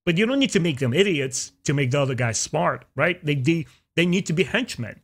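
Animated, opinionated podcast host, man. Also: fairly quick, husky. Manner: opinionated, animated, jumps into high pitch for emphasis. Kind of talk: casual chat.

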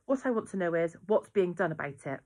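A woman's voice: lowish voice, lively intonation, brisk. A woman reading as an indignant, frantic aunt. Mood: exasperated. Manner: loud, indignant outbursts. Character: distraught mother, middle-aged woman, sharp-tongued.

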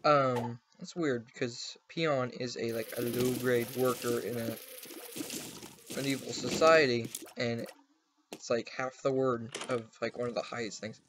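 A man's voice: medium pitch, steady tone, measured pace. A young man casually commenting on the video game he is playing, chatty and goofy, talking to his pets at home. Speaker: gaming channel host. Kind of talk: casual let's play commentary. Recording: noisy home recording.

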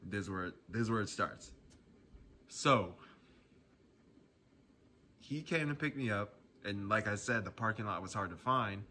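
A young man spins a casual storytime tale in a fairly low but bright, punchy voice. He talks loosely and swears freely, often breaking into chuckles, with a faint hiss of noise behind him. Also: measured pace, long pauses. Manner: laid-back, profane, chuckling often.

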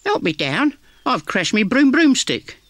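A man voicing a cranky old witch with a croaky, blunt way of talking. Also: extremely high pitch, big pitch swings, measured pace, sharp tone, no echo, pitched above the performer's own voice, exaggerated voice. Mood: grumpy. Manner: blunt, bossy, dropped-g. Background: music.

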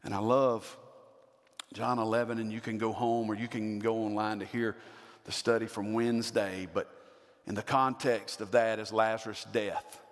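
A man's voice: on the low side, level tone, normal speed, long reverb tail. A man preaching a sermon as pastor, building to emphatic repeated questions. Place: church sanctuary.

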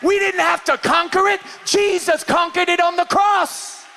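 A male pastor with a Californian accent, preaching an impassioned sermon, often shouting and acting out little scenes. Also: very high-pitched, fairly even intonation, unhurried, a little hiss or hum. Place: church service.

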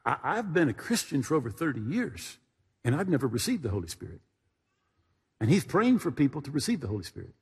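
A pastor preaches in an easy, anecdotal way, checking in with his listeners as he goes. His voice is husky and swings widely in pitch. The sound rings with the long reverb of a large hall. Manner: folksy anecdotal preaching with asides to the congregation. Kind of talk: storytelling sermon.

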